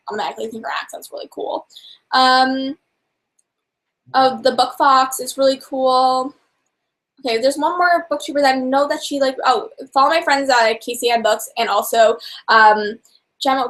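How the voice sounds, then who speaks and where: A nineteen-year-old woman, an author and book vlogger, chatting casually while answering viewer questions. She rambles, loses her train of thought, and fills her talk with fillers and quick self-corrections. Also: high-pitched, a bit bright. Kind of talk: casual live Q&A chat.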